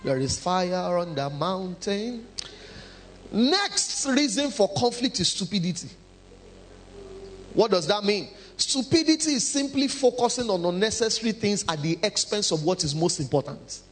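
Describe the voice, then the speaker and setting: A man preaching a sermon, animated and humorous, acting out quotes. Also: sits high, measured pace, slight background noise. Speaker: pastor.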